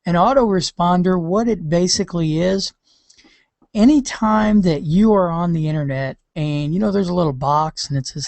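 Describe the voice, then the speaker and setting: A man's voice: high voice, normal speed, gravelly, a little mellow, no room sound. A man presenting a webinar lesson, explaining things in a loose, conversational way with many hesitations.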